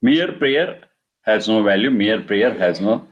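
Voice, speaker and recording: A man giving a religious lecture, reciting verses and explaining them slowly. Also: on the low side, expressive, muffled recording. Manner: slow, repeats Sanskrit phrases and explains them. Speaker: Vedic teacher.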